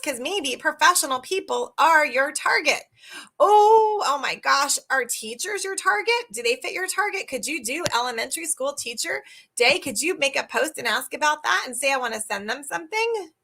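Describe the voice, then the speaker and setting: A woman sales coach leading a live online training, animated and exclamatory, firing questions at her audience. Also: high voice, moderate pace.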